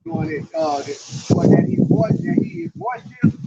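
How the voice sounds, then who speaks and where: Brief: male scripture reader, slow emphatic verses, very high animated voice, muffled recording. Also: gravelly. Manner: reads verses slowly and emphatically. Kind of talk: preaching and reading scripture.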